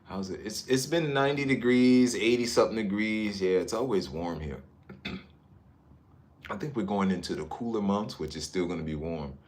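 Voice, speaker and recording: A man from Newark, New Jersey, livestreaming casually from a high-rise hotel room on his phone and chatting with viewers about their comments. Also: normal speed, a little mellow. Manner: laid-back, chatty, drifts between comments. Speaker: livestream vlogger.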